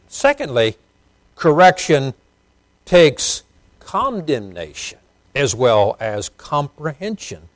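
Man preaching a sermon, a bit high-pitched, dry close sound, loud bursts and soft asides. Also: dry recording. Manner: preaching with sudden swings between loud emphasis and quiet asides. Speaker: pastor.

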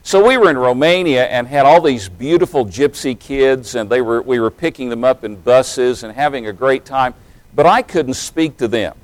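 Around forty, this man from East Tennessee speaks with a general American accent at middle pitch and normal speed, preaching a sermon. He shifts from folksy, joking asides to emphatic preaching, and the low-quality recording has no room sound.

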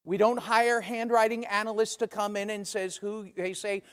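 A man's voice: high voice, moderate pace, hardly any pauses, a bit bright. A man preaching a sermon in a church, talking in a conversational way and acting out the voices of the people he quotes. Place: church sanctuary. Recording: long reverb of a large church.

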